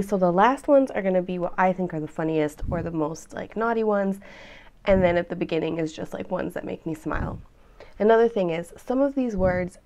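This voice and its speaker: An American woman hosts a vlog, chatting casually to the camera and to her viewers between giggles. Her voice is lowish and warm.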